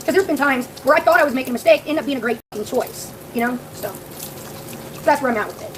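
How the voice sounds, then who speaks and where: A young woman rattles through a story on her live stream, talking straight to her chat. She speaks quickly in a fairly high voice, blunt and full of profanity, with a faint hiss behind her. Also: a bit bright, low-quality recording.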